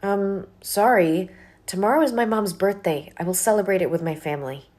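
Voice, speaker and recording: An actress playing a young office worker who firmly and politely pushes back against a colleague. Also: female voice, medium pitch, normal speed, darkish tone, soft background music, close to an everyday voice. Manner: firm, exasperated, polite refusals. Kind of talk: scripted dialogue drama.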